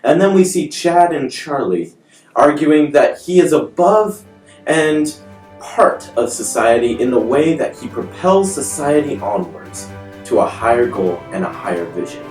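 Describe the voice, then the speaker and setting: A young male student wraps up a class video in a relaxed, informal way. He speaks slowly, with a lively, rising and falling pitch. He is recorded from a distance in an echoey room, with clear music playing behind him. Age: young adult. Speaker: student presenter. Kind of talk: casual video outro. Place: library study room.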